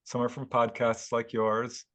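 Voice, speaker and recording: A man, a guest author, telling a story at length in a casual interview, animated and laughing now and then. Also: mid-range voice, unhurried. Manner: animated retelling with chuckles. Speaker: guest author and UFO investigator.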